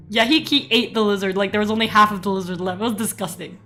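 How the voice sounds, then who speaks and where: A woman streamer chatting casually and telling animated stories, laughing often. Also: medium pitch. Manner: giggly, animated storytelling with frequent laughs. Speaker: VTuber streamer. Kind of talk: casual livestream chat.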